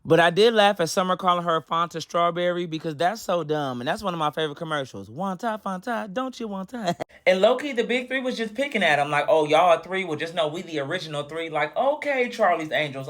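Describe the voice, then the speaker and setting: High-voiced man, sassy recap chatter. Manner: sassy, animated, mocking. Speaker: reality show recap commentator. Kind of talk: casual recap commentary.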